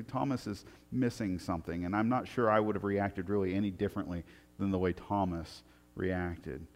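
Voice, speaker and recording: A man preaching a storytelling sermon, retelling the story with animated energy and frequent stammered restarts. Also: mid-range voice. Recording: long hall reverb.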